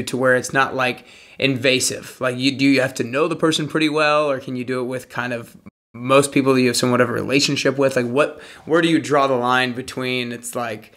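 A man's voice: mid-range voice, a bit bright. Casual podcast host, man. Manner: loose, hesitant questions with restarts. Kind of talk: podcast interview.

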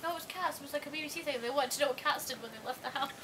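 A woman's voice: high-pitched, rapid-fire, sharp tone, a little hiss or hum. A young woman, the host's friend, chatting at home in a dry, joking way. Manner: sarcastic, joking. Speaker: friend of the host. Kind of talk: casual chat.

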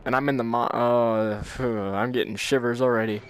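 A man's voice: medium pitch, steady tone, normal speed, noisy background. A man hosting a gaming channel, giving let's-play commentary while nervous, jumpy and laughing often.

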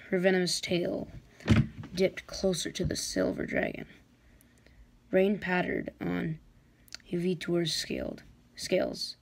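A woman reading a fantasy novel aloud as a story reader, in a steady storytelling manner. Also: lowish voice, slow pace, gravelly, long pauses.

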